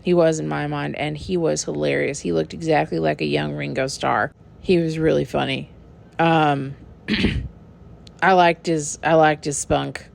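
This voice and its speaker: A woman's voice: low voice, steady tone, a little slow, vocal fry. A woman telling a true story in a candid, rambling, profane casual way.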